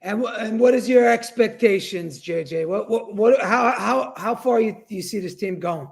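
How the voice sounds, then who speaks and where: A man co-hosting a casual sports chat over a remote call, excitable and blunt, swearing freely. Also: high-pitched, normal speed, creaky. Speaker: co-host.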